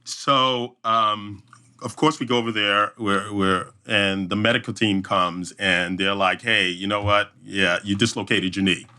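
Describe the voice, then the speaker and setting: Guesting on a podcast, a man who emcees events tells a lively story, often starting over and humming sound effects. His voice is lowish and his delivery unhurried.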